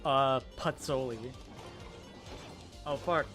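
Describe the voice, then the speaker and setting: A man co-hosting a gameplay stream talks in a loose, meandering way, laughing often and swearing without a second thought. His voice sits in a middle pitch. Faint music plays underneath. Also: steady tone, slow, fairly bright tone. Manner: rambling, chatty, laughs often, swears casually. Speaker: co-host of a game mod dev stream. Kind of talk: casual let's-play commentary.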